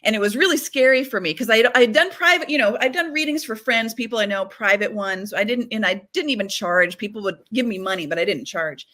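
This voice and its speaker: A woman guest on a talk show, a psychic medium telling stories in a chatty, animated way full of fillers. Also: medium pitch, a little fast, few pauses. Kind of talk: casual storytelling conversation.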